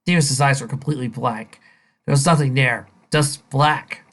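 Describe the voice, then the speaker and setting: A woman's voice: extremely low pitch, normal speed. A woman reading fan fiction aloud and ranting at it with sarcastic, incredulous commentary. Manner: incredulous, sarcastic, breaks into laughter. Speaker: fanfiction reader and reviewer.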